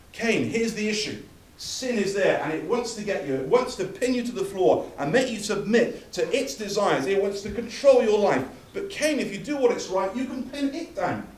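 Man, preacher, sermon, emphatic, lively intonation, distant mic, reverberant hall. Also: high voice. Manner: emphatic, builds through repeated phrases. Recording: echoey hall from far off.

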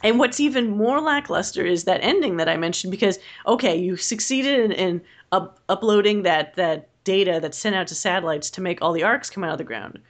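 A young woman chatting casually as a podcast co-host, rambling and animated and swearing freely. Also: medium pitch, fairly quick, few pauses. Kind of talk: casual chat.

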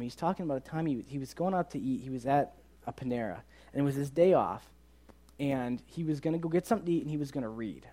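An animated young man tells a story from the pulpit, his voice at a middle pitch that is neither deep nor high. He slips in and out of the people in his story, acting out their lines as he goes, in the manner of a youth ministry preacher. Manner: animated, acts out quoted dialogue in the story. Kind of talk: sermon storytelling.

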